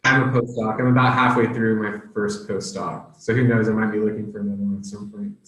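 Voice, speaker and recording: A man who is a postdoc, speaking relaxed on a video call. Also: fairly low pitch, fast, roomy sound, faint music behind, low-quality recording. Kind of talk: casual self-introduction on a video call.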